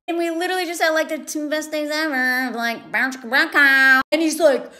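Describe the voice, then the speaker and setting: Southern-raised woman, bright high voice, animated and sarcastic in casual commentary. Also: brisk, few pauses. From American South. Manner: animated, sarcastic, quoting characters in exaggerated voices.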